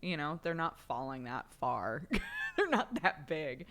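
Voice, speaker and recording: A young woman streaming to her viewers, chatting casually and telling stories. Her voice sits low and her pace is slow and easy. She laughs often and drops in the odd swear word. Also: very animated, fairly bright tone. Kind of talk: casual chat.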